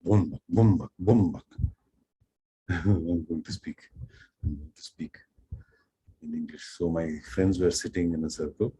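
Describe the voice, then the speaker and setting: A middle-aged man from Pondicherry with an Indian accent, teaching French through an unhurried, self-deprecating storytelling lecture. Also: low voice, steady tone, dark tone, slight background noise, rough recording. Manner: unhurried, self-deprecating, acts out quoted dialogue.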